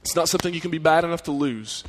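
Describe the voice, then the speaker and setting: A man's voice: a little high, racing. Earnest preaching man in a reverberant hall. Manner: earnest, conversational preaching with rhetorical questions. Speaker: pastor. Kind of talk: sermon.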